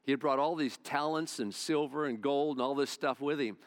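A man's voice: mid-range voice, a little fast. A male pastor preaching a sermon, retelling a Bible story in a folksy, conversational way.

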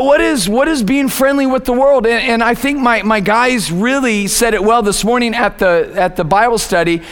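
A man preaches in a loose, conversational way, stumbling over and repeating words as he builds his points. His voice sits high and sounds smooth and resonant. It rings with the long reverb of a hall. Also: a bit bright. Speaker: pastor. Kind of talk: sermon. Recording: echoey hall.

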